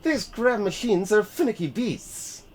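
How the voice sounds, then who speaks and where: A man voicing an irritable, sharp-tongued woman artificer with a Yorkshire accent, raising his pitch for her. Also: expressive, unhurried, slightly rough. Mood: grumpy. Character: irritable grumbling woman artificer, gruff mechanic.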